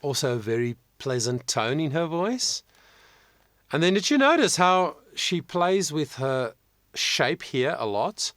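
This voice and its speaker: A man's voice: mid-range voice, fairly bright tone, dry recording, clean studio sound. A man working as a vocal coach, talking through a singer's performance in casual commentary, thoughtful, with frequent ums and restarts.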